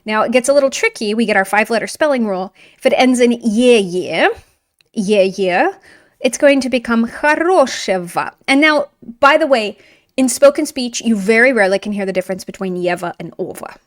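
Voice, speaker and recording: A woman's voice: a little high, lively intonation, brisk, dry recording, clean studio sound. A woman teaching a video language lesson in an upbeat, encouraging, chatty way while writing on a board.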